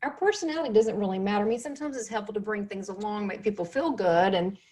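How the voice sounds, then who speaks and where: A woman hosting an interview show, talking in a chatty, animated way, full of asides. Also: mid-range voice, fast. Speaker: show host. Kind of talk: casual interview chat.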